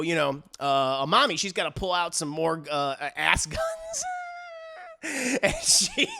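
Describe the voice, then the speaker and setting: A man recapping a cartoon episode live for his chat, animated and full of profanity as he acts out each scene. His voice runs high for a man, with a bright edge and some gravel. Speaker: streamer and TV reviewer.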